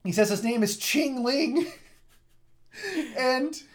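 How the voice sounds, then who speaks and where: A man's voice: extremely high pitch, lively intonation, drawn-out words. A man co-hosting a casual movie review chat, sarcastic and crude, laughing often. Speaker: podcast co-host.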